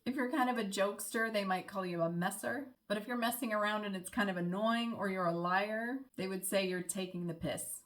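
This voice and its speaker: A woman's voice: mid-range voice, a little fast, hardly any pauses. Young American woman, vlogger, friendly, chatty explainer, mid-range voice. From United States. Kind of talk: casual explainer vlog.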